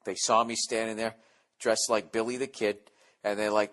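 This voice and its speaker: A man's voice: fairly low pitch, flat delivery, normal speed, a bit bright. 40s guy ranting on his podcast, swears a lot, sarcastic, rambly. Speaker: podcast host. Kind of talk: casual comedic monologue.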